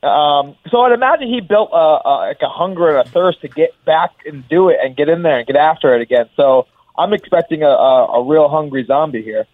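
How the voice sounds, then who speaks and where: A young professional fighter talking loosely as a guest on a radio show, rambling with lots of "like". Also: male voice, fairly high pitch, animated, a little fast, no echo. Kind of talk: casual radio interview. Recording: tinny phone line.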